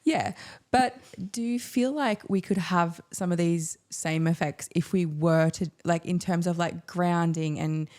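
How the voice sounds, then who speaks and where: A woman's voice: lowish voice, a little slow, darkish tone. A woman co-hosting a podcast, asking thoughtful, hedging questions in a casual way. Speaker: podcast co-host.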